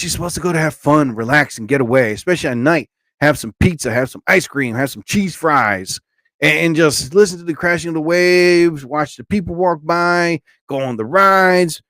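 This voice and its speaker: A man's voice: mid-range voice, a bit bright, no echo. A man in his forties hosting a live stream, ranting in a blunt, emphatic way and stopping to greet viewers in the chat.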